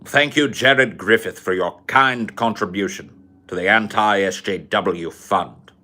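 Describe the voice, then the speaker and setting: A man putting on a mock posh English accent, playing a pompous upper-class British gentleman host with a haughty, blustering manner. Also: lowish voice, slow, full character voice. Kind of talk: comedic impression.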